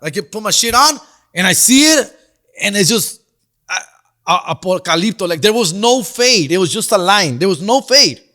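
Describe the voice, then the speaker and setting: A man's voice: high voice, big pitch swings, moderate pace, sharp tone. A man hosting a comedy podcast, telling a story in a slangy, profane, casual way. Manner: answers listener questions.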